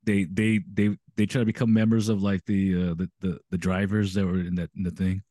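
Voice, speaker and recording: A man co-hosting a podcast in casual chat, quick to agree and prone to repeating words. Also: low-pitched, flat delivery, dark tone, no echo. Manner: fast, repeats words and restarts, agrees eagerly. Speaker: podcast co-host.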